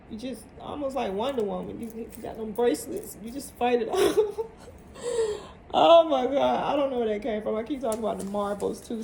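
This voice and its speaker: Woman, tarot reader, casual and motivational, gravelly, mid pitch. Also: background noise. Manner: emphatic, repeats phrases, motivational. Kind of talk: casual tarot reading to viewers.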